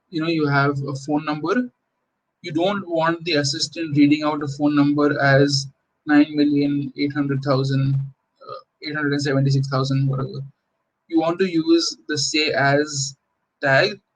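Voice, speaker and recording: A man's voice: a little high, low-quality recording. A young man presenting a conference tech talk in an informal, explanatory way, with frequent fillers and restarts. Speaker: conference speaker.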